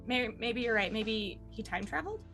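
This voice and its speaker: A woman playing in a tabletop game, talking in a quick, accusatory way. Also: a little high, expressive, fairly bright tone, faint music behind. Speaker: player.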